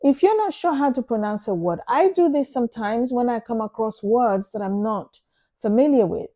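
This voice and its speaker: A woman's voice: a little high, expressive, moderate pace, warm tone. A woman giving casual advice to her viewers in an earnest, emphatic way, repeating phrases for stress. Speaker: vlogger. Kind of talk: casual advice talk to camera.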